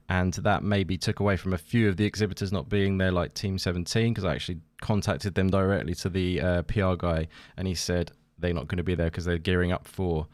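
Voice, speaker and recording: A man's voice: sits low, no echo. A man hosting a podcast in casual chat, rambling and laughing as he goes. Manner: chatty, laughs often, rambling asides. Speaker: podcast host.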